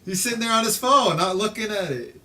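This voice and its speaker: A man's voice: sits high, lively intonation, bright, forceful tone, distant mic. A man co-hosting a casual podcast chat, laughing easily and restarting his sentences as he talks. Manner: laughs easily, self-conscious, halting restarts. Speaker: podcast co-host.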